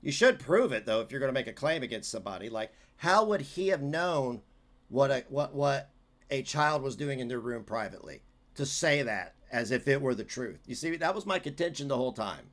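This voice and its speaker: A man hosting a livestream, ranting in a sarcastic, heated way. His pitch and tone sit in an ordinary middle range. He swears freely as he picks apart what others say. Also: expressive, a little fast, fairly bright tone. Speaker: livestream commentary host.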